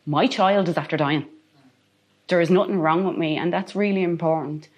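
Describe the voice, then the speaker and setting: Low-voiced woman, earnest and halting. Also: fairly even intonation. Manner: earnest, halting, voice rising with emotion. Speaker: bereaved mother telling her story. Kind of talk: emotional personal account.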